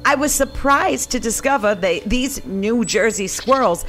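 A woman's voice: on the high side, lively intonation, unhurried, fairly bright tone, soft background music, voice pushed up. A woman putting on a hammy regional accent to read a listener's story aloud, giggling and self-mocking.

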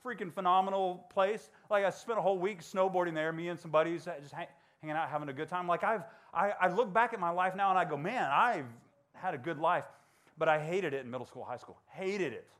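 Male speaker, 40s, school talk, animated and conversational, acts out voices. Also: high-pitched, a little fast. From Georgia. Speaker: motivational speaker. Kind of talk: storytelling talk to students.

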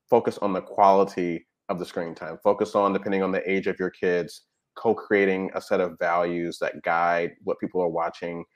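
A man with a deep, low voice talks in a relaxed interview. He explains points step by step and keeps checking in with his listener as he goes. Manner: explanatory, frequent "right?" and "you know". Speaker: guest expert on technology habits. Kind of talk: conversational interview talk.

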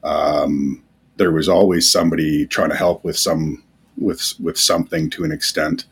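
A man talking as a podcast guest in a candid, halting way, with many pauses and fillers. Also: extremely low pitch, steady tone, husky. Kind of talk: casual podcast interview.

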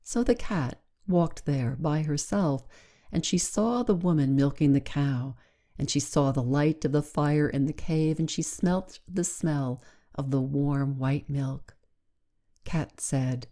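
Woman story host, low voice, dark mellow tone, slow rhythmic storybook reading. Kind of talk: storybook narration.

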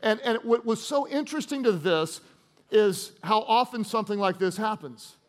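A man preaching a sermon as a pastor, moving between loud emphatic lines, hushed earnest passages and casual, humorous storytelling. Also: high voice, normal speed.

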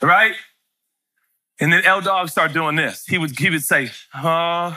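A man in his forties preaching a sermon to a church congregation, animated and joking as he tells stories. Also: fairly high pitch, fairly quick. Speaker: pastor. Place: church sanctuary with live congregation.

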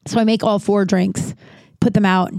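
A woman in her thirties tells a bartending story in a loose, rambling way, swearing as she goes. Her voice sits at an ordinary pitch for a woman. The sound is close and dry, with no room echo. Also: normal speed, clean tone. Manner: rambling, profane, animated. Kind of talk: casual storytelling.

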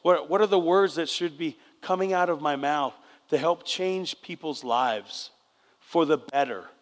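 A man's voice: a little high, a little slow. An older man giving a conversational sermon as a preacher, often checking in with the congregation. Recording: long reverb of a church hall.

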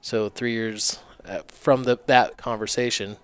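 Smooth-voiced man telling stories casually. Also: lowish voice, a little slow, dry recording. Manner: animated, profane, quotes himself and others. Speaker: guest, barber and business owner. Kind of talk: casual storytelling in conversation.

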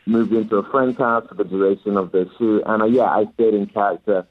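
Low-voiced English man on a muffled line. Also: steady tone, no room sound. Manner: measured, reflective, stammers on restarts. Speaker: actor guest. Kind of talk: radio interview.

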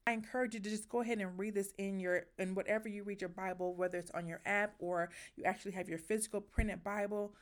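A woman hosts a faith devotional podcast in a heartfelt, preacherly voice of ordinary pitch. She stresses her words and sounds moved as she encourages her listeners. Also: fairly even intonation, fast, hardly any pauses. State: emotional. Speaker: podcast host.

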